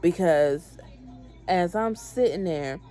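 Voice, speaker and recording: Slow, blunt woman telling a story. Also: on the low side, lively intonation, mellow, faint music behind. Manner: blunt, profane, emphatic. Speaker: vlogger, mother. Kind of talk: storytime vlog.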